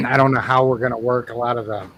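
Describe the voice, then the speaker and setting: Telling stories from his job as a reptile keeper, this live-stream guest chats loosely and laughs a lot. He speaks fast in a gravelly mid-range voice, and the audio is poor with slight background noise.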